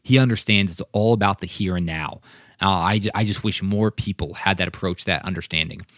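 A young man hosts a solo podcast, speaking earnestly and briskly in a low, slightly bright voice. He keeps checking in with "right?" and "like." The sound is studio quality with no room sound.

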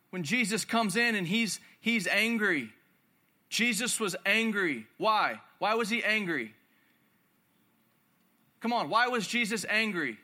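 Intense high-voiced male preacher. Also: bright, forceful tone. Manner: intense, emphatic, repeats phrases. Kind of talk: sermon. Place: large room with audience.

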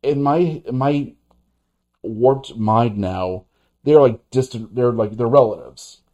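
A man co-hosting a casual film review chat, talking in halting bursts with many restarts. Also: medium pitch, dark tone, highs cut off. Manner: halting, many restarts and fillers, laughs as he talks. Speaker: podcast co-host.

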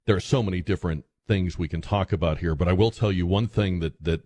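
A man hosting a radio talk show, talking in a halting, searching way with many fillers and restarts. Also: low-pitched, darkish tone, dry recording. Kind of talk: casual radio chat.

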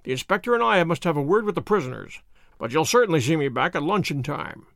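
A man reading the part of a sharp, cool male detective with a curt, commanding manner. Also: on the high side, lively intonation, fast talker, creaky, no room sound, clean studio sound.

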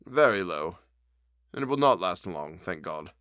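A man reading a despairing gentleman doctor in an audiobook, his voice dreary, sighing and worn down. The sound is close and dry, with no room around it. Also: deep voice, lively intonation, a little slow, no echo, voice pushed down. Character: gloomy despairing male doctor.

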